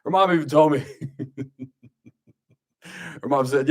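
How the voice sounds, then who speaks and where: A man, hosting a radio show in a studio with joking, grumpy banter and quick asides. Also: mid-range voice, expressive, a little mellow. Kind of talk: casual radio talk.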